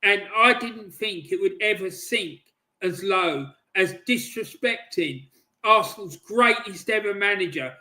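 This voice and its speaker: A man hosting a football channel, ranting angrily and swearing heavily, with loud shouting bursts, off camera at home. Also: high-pitched, expressive, a little slow. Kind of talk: angry ranting monologue.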